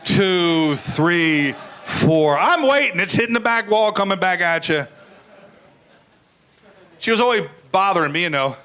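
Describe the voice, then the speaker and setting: Animated older male stand-up comic. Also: high voice, moderate pace, rough recording. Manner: animated, acts out bits in put-on voices, crude and blunt. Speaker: stand-up comedian. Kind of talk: stand-up comedy routine.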